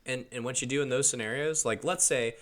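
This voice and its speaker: A man as a podcast guest, speaking calmly and measured, with many short agreeing replies. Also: mid-range voice. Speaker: guest, tournament player. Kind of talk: casual chat.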